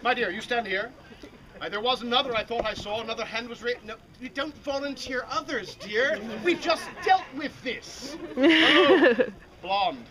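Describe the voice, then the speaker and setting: A man's voice: extremely high pitch, moderate pace, low-quality recording. A man performing an outdoor comedy show, bantering and teasing audience volunteers. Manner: bantering, teasing crowd work. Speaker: street performer. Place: outdoor fair stage. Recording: loud crowd outdoors. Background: large crowd.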